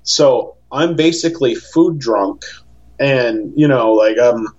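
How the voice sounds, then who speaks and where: A man, a podcast guest, telling stories in a rambling, animated chat and acting out the voices of people he quotes. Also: mid-range voice, takes it slowly, lo-fi sound. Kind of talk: casual storytelling chat.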